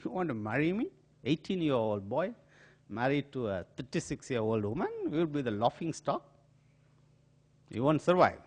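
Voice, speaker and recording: A man's voice: mid-range voice, big pitch swings, moderate pace, pauses often. A man voicing a worldly, teasing widowed aunt in her thirties, exclaiming as he acts out a story.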